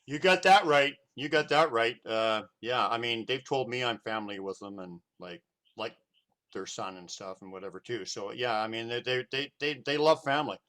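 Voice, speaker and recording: A man's voice: medium pitch, normal speed, fairly bright tone. A man hosting a casual interview show, talking loosely and filling his sentences with "you know" and "whatever". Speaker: show host.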